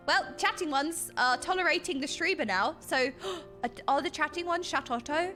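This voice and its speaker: A woman streamer giving playful, sassy, excitable commentary while playing a game. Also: high voice, moderate pace, faint music behind.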